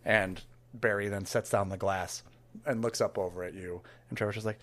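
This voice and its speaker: A man's voice: fairly low pitch, steady tone, moderate pace, a bit bright. Man narrating as game master. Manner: casual, meandering, filler-heavy.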